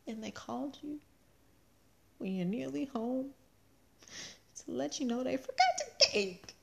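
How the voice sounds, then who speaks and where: A pregnant woman co-hosting a casual chat, telling animated stories and laughing often. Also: on the high side, measured pace, gravelly, pauses often. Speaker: podcast co-host.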